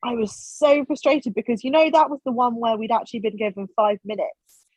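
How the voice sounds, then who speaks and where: A woman with a slightly high, breathy-edged voice speaks briskly as a podcast guest. She tells stories in casual conversation, animated as she acts out quoted words, and the recording is dry and a bit dull.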